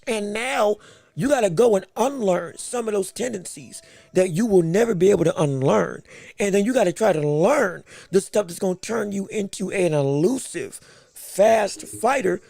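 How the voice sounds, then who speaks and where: A man's voice: high-pitched, lively intonation, normal speed, gravelly, darkish tone, dry recording. A man hosting a podcast, giving emphatic live fight commentary with repeated phrases and joking banter with the chat. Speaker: podcast host.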